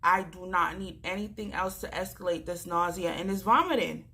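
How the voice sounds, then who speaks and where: A young woman from Jamaica telling a story to her vlog audience in a chatty, slangy way. Her voice is bright and forceful and sits a little low. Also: normal speed. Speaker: vlogger.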